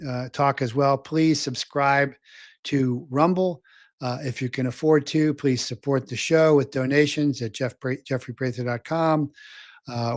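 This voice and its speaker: A man's voice: medium pitch, dry recording, clean studio sound. An older man hosting a livestream, reading viewer comments in a rambling, casual way with many fillers. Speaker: show host.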